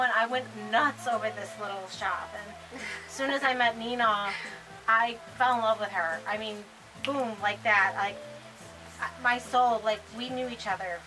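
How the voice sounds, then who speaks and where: Female co-host, chatty and animated, slightly high voice, stammers, music bed under her. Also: normal speed, poor audio. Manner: animated storyteller, stammers and laughs often. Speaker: co-host of a spiritual shop channel. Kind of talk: casual chat.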